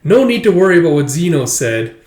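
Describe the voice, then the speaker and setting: A man's voice: a little high, very animated, a little fast, a little mellow, voice pushed up. A man voicing a cheerful, carefree young male dragon warrior from a comic, reading the lines in a light, breezy voice raised above his own. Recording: roomy echo.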